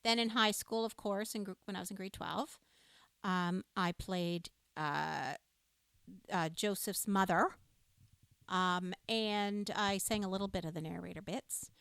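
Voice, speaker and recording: A woman's voice: medium pitch, a little slow, gravelly, a bit bright, smooth, no echo, studio quality. A woman co-hosting a live music show, chatting with viewers and telling enthusiastic, laughing stories. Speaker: livestream music show co-host. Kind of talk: casual chat with live viewers.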